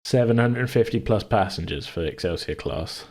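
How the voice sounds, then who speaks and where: A man hosting a tabletop podcast, chatting casually in a relaxed, rambling way and laughing often. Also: lowish voice, normal speed. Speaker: game master and podcast host. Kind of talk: casual chat.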